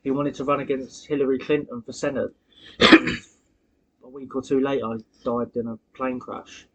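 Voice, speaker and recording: Husky insistent young man. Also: mid-range voice, steady tone, normal speed, fairly bright tone, rough recording. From United Kingdom. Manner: insistent, conspiratorial, swearing. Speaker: podcast co-host. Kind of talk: casual chat.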